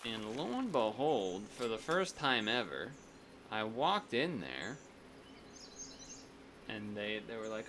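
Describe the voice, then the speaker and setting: A man's voice: fairly low pitch, big pitch swings, unhurried, a bit bright, a little hiss or hum. A man streaming a strategy game, chatting casually and thinking aloud, often restarting his sentences. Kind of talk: casual gameplay commentary.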